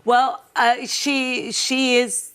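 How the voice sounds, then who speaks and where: A woman, a guest actress on a chat show, explaining her role in a thoughtful, measured way. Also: a little high, little pitch movement, fairly bright tone, clean tone. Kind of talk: casual studio chat.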